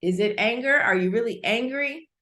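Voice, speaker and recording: A middle-aged woman hosting an online masterclass, teaching in a lively, conversational way and repeating key points for emphasis. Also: a little high, moderate pace. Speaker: host, coach. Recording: roomy echo.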